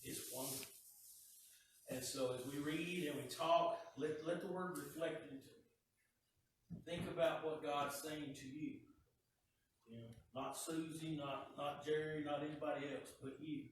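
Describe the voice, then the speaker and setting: Heard from afar in an echoey church sanctuary, with slight hiss or hum, a male pastor delivers a sermon. His voice sits on the high side with fairly even intonation at normal speed, and his style is folksy and conversational, with frequent repeated words.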